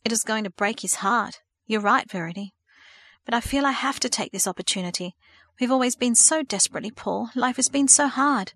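Woman reading a tired, pleading mum, a touch higher, dry audiobook. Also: a little fast, fairly bright tone, no room sound. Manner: earnest, pleading. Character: weary, struggling single mother.

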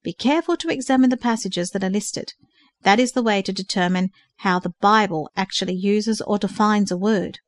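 A woman's voice: mid-range voice, brisk, no room sound, close to an everyday voice. A woman reading the part of a patient older male mentor who carefully explains study books. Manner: careful explaining, gently instructive.

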